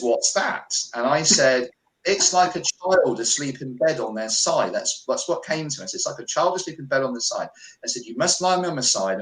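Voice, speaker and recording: A middle-aged man from the United Kingdom, a radio interview guest, recounting events in lively first-person storytelling with quoted dialogue. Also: mid-range voice, echoey room, low-quality recording. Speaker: guest, holistic healer.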